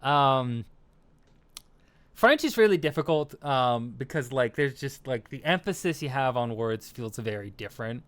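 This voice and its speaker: A man's voice: mid-range voice, expressive, unhurried, fairly bright tone. A young American man hosting a stream, chatting casually with viewers, rambling and self-deprecating. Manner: rambling and self-deprecating, lots of fillers and laughs. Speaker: streamer host. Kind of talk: casual stream chat reading viewer comments.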